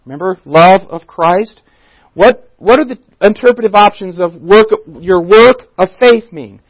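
High-voiced man teaching scripture. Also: a little slow, dry recording, highs cut off. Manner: questioning the audience, self-restarting, emphatic on key words. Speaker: pastor teaching a Bible study. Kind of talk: conversational Bible teaching. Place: church room.

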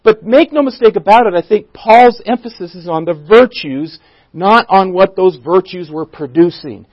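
A man's voice: sits high, lively intonation, normal speed, no echo, lo-fi sound. A man teaching a Bible study in a church, who asks the audience questions, restarts his sentences and leans on key words. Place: church room.

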